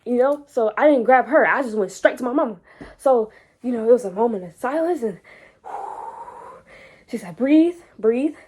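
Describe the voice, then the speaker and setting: Animated young woman telling a story. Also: moderate pace, husky. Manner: animated, repeats words, rises high and loud when excited. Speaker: vlogger and entrepreneur. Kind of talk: casual personal storytelling.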